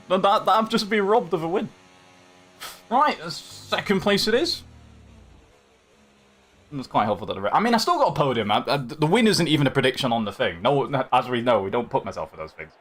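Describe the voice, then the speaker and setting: Lively young man racing on stream. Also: a little high, a little fast, a little hiss or hum. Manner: animated, talks to other drivers and chat while racing. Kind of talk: live gameplay commentary.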